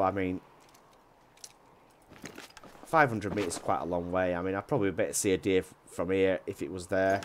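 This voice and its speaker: A man with a Yorkshire accent chatting casually while playing a hunting game, rambling with restarts and often dropping his voice low. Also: slight background noise. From Yorkshire, England. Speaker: gaming YouTuber. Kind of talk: casual gameplay commentary.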